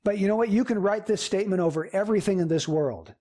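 A male pastor delivers a sermon in a church. His voice sits fairly high for a man, and he preaches earnestly, driving points home through repetition. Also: lively intonation, fast, few pauses, dark tone. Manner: earnest, emphatic preaching with repeated phrases.

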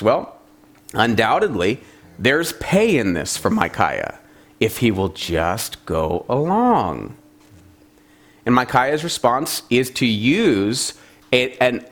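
A man's voice: medium pitch, fairly bright tone. A man preaching a sermon in a conversational, humorous storytelling way.

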